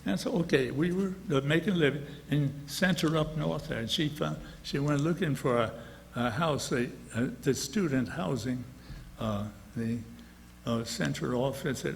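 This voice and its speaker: A man's voice: on the high side, normal speed, vocal fry. An older man, telling stories in a rambling, chuckling way at a book release gathering. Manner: rambling, chuckling, full of restarts. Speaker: author. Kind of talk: storytelling reading at an event. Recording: echoey hall, faint noise.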